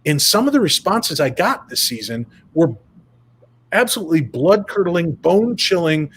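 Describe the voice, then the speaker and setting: A man guesting on an interview over a video call, telling stories in an animated, casual way. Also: fairly high pitch, normal speed, slightly rough. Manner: animated, retells events with quoted dialogue. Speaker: paranormal investigator guest.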